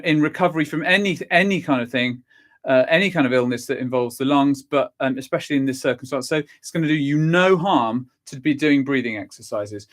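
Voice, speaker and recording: A cheerful man leading a vocal warm-up lesson, counting through the exercises and encouraging the listener, a little stuffy from a cold. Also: a little high. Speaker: singing and vocal warm-up teacher.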